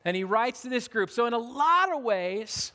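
A high-pitched man preaches a sermon in plain, everyday words. He circles back on his phrases and restarts often. His voice rings out with the long reverb of a large hall. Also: animated, normal speed, sharp tone. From United States. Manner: casual, repetitive preaching with restarts. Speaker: pastor.

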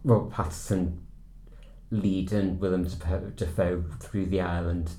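Low-voiced man in a roomy echo. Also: little pitch movement, warm tone, a little hiss or hum. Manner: halting, searches for words with many restarts. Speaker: podcast co-host. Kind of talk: casual film discussion.

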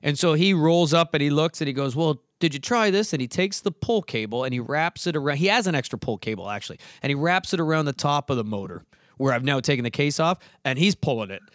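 A man's voice: a little high, quick pace, no echo, studio quality. A man telling a story in casual chat, acting out the voices and laughing as he goes. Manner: animated, acts out voices, laughs through the telling.

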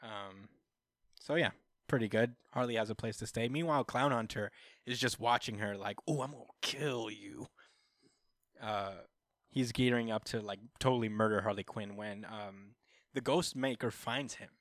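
A man's voice: lowish voice, normal speed, fairly bright tone, no echo, studio quality. A young man co-hosting a podcast, casually recapping a comic story in a rambling, filler-heavy way. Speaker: podcast co-host.

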